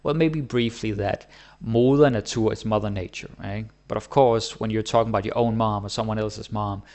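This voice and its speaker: A man teaching his language in a relaxed, chatty way, often checking in with "right?". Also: fairly low pitch, moderate pace. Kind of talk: casual explanatory lesson.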